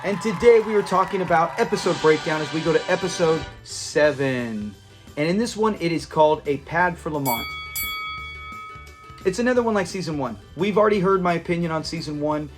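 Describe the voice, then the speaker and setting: A man hosting his own review channel, recapping a sitcom episode in a chatty way and acting out quoted lines. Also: a little high. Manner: chatty, retells scenes with quoted lines and laughs.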